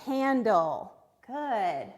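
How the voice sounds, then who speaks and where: A woman teaching a recorded phonics lesson to young children, sounding out words clearly and praising answers. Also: on the high side, very animated, drawn-out words. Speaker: third grade reading teacher.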